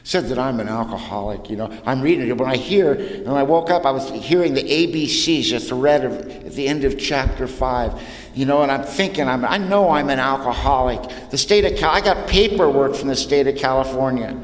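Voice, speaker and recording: A man's voice: mid-range voice, expressive, fairly quick. A man in his sixties telling his own recovery story to an audience in a plainspoken, humorous way, with casual slang. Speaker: recovery meeting speaker. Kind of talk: personal story told to an audience. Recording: roomy hall reverb, faint noise.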